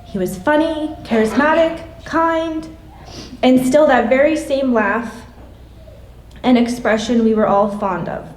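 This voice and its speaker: A woman's voice: high-pitched, measured pace, slight background noise. Woman reading a eulogy in an echoey church. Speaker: classmate giving a memorial tribute. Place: church hall. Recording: echoey hall from a distance.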